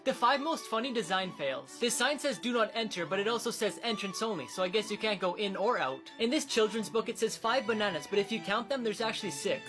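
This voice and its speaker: A young woman narrating comedy skits and quick lists in a playful way, with sudden loud shouts. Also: mid-range voice, expressive. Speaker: comedy short-video creator. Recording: clear background music.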